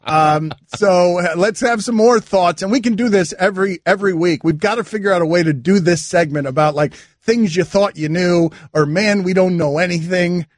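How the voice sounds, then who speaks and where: A man hosting a sports radio show, talking casually in an animated, mock-exasperated way from a studio. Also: sits high, normal speed, hardly any pauses, no room sound. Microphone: studio mic.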